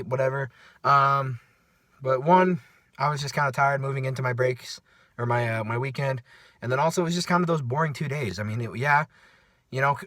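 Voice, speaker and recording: A tired man rambling through a casual, animated story about his work shift, checking in with lots of "right?". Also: fairly high pitch, dry recording, studio quality. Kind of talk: casual chat.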